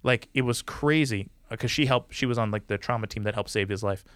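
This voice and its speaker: Rambling man with a smooth, dry voice. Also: lowish voice, a little fast, fairly bright tone, dry recording. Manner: storytelling, frequent fillers like "like" and "you know". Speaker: guest. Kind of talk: casual podcast conversation.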